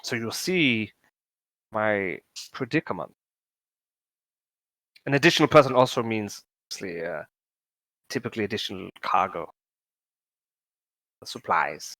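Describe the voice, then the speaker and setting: A man voicing a fussy male wagon master with a German accent, halting and full of ums, in a tabletop game. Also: lowish voice, animated, bright, forceful tone, no room sound, full character voice, rough recording. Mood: apologetic. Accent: German put-on accent. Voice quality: halting, many ums and uhs.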